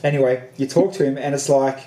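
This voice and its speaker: An Australian man hosting a livestream show, telling rambling stories in a casual, animated way with lots of fillers. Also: mid-range voice, fast talker, roomy sound, a little hiss or hum. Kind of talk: casual chat.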